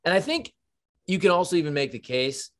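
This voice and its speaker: A man in his thirties, a podcast co-host and parent, talking in relaxed, rambling casual sports chat. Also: high voice, fairly quick.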